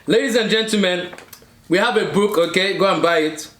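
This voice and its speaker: This marriage coach, a man in his thirties co-hosting a laid-back mukbang chat, has a high-pitched, slightly bright voice and speaks a little fast. Earnest and somewhat preachy, he keeps checking in with viewers, heard in a roomy-sounding recording.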